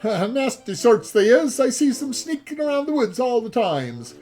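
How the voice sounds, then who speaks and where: A man's voice: very high voice, big pitch swings, a little slow, darkish tone, faint music behind, voice pushed up, full character voice. A man voicing an eccentric old male cave hermit with a loose Cockney accent, dropping his H's and using folksy broken grammar. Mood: gossipy. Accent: Cockney, loosely done.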